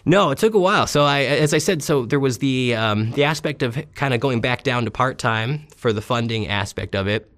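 A man's voice: mid-range voice, expressive, normal speed, few pauses, a bit bright, no echo. A man in his thirties, an interview guest, telling rambling stories with self-deprecating humor. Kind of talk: casual storytelling interview.

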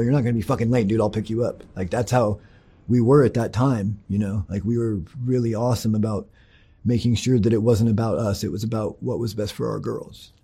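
A man's voice: on the low side, vocal fry, warm tone, slightly rough. A man candidly recounting his divorce and recovery, swearing often and rambling through fillers and restarts. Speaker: person telling his life story. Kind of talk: candid personal storytelling.

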